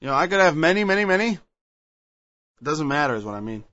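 With big pitch swings and a fast pace, a man preaches in a high, bright, forceful voice. He reads and explains scripture emphatically and digressively, acting out quoted voices, in a dull, lo-fi dry recording with no echo.

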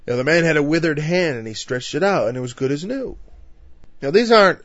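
A man's voice: a little high, animated, fast talker, a bit bright, dry recording. Man teaching Bible study, dull recording. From northern Illinois, USA. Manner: conversational, rhetorical questions, frequent "you know".

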